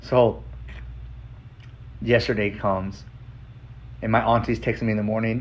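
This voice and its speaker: A man telling a personal story in a casual, rambling way, full of filler words and swearing, emotional and excited. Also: on the low side, measured pace, long pauses, highs cut off. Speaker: vlogger.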